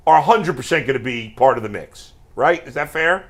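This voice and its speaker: A man's voice: mid-range voice, animated, brisk. A man hosting a casual sports talk show, steering the talk with questions.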